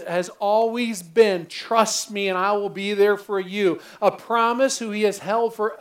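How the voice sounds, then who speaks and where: A man preaching a sermon earnestly, often repeating phrases and stumbling over his first words. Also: sits high. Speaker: pastor.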